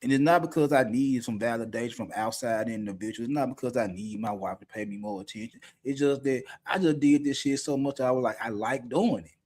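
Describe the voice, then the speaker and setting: A man's voice: mid-range voice, brisk, few pauses, darkish tone. A middle-aged man talking candidly as a podcast co-host, blunt and profane, often laughing mid-sentence. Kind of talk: candid unscripted talk.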